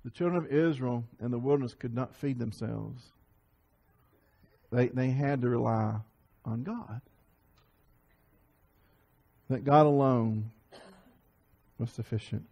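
Man, preacher, sermon, repeated restarts, emphatic loud peaks. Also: mid-range voice, slow, creaky, long pauses, lo-fi sound. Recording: sermon audio over slides.

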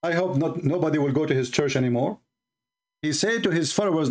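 A man's voice: on the high side, animated, brisk. Guy ranting on a live stream about video clips, fired up, hammering words over and over. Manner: indignant, emphatic, repeats words for stress. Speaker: religious commentary host.

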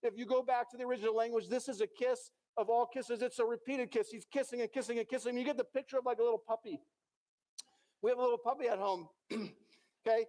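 A man's voice: very high-pitched, steady tone, fast talker, a little mellow. A male pastor preaching a sermon in a church, telling a story dramatically and acting out the characters' lines.

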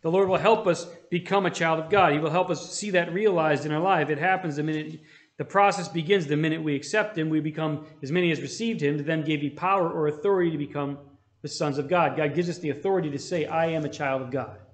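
A man with a notably high voice teaches a church Bible study, conversational and loose. He keeps asking his listeners for an amen. The room rings around him with plenty of echo. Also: fast. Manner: conversational, asks the room for amens. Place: church hall.

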